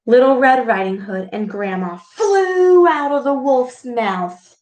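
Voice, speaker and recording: A woman reading a storybook aloud to children, expressive and full of gasps and exclamations. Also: high voice, slow pace, hardly any pauses. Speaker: speech clinician reading to children. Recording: echoey room.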